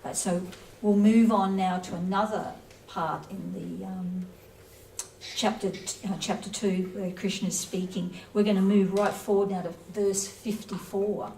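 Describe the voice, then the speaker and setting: A woman's voice: medium pitch, flat delivery, measured pace, vocal fry, dark tone. Woman teaching scripture in an echoey room. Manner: conversational, playful, acts out little scenes. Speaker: spiritual teacher. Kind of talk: casual lecture on scripture. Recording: roomy echo, from a distance, faint noise.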